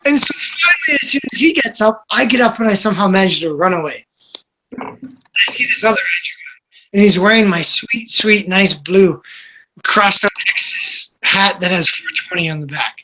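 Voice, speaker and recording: A man's voice: high voice, moderate pace, sharp tone. A man telling a long, rambling, profane story to friends, laughing as he goes. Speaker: podcast host. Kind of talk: casual storytelling among friends.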